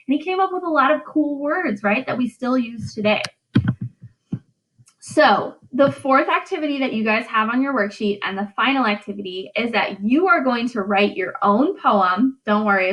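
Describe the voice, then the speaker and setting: A woman's voice: a little high, a bit bright, rough recording. A woman teacher giving a recorded English lesson, drawing out syllables and checking in with "right?". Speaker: high school English teacher.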